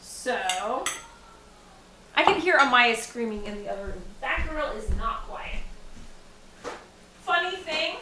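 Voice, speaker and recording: A woman's voice: sits high, pushed and bright, slight background noise. A woman in her thirties chatting casually with her stream while cooking at home, rambling and swearing freely. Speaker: live streamer and mother. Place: home kitchen. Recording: echoey room.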